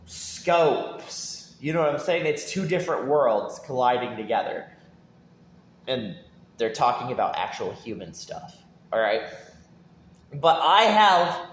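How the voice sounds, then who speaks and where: A man's voice: fairly high pitch, roomy sound, slight background noise. Rambling, laughing man ranting to viewers. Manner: rambling, repeats words, laughs often, asks viewers if they follow. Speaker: gaming YouTuber.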